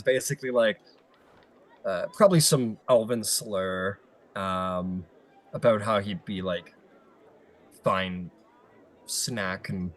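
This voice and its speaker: A man narrating as game master of a tabletop game, loose and rambling with many fillers. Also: on the low side.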